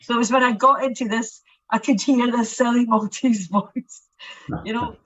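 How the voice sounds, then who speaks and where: A Scottish woman sharing personal reflections, halting and often repeating her words. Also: a little high, fairly even intonation, a bit bright. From Scotland. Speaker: workshop participant. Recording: muffled lo-fi audio.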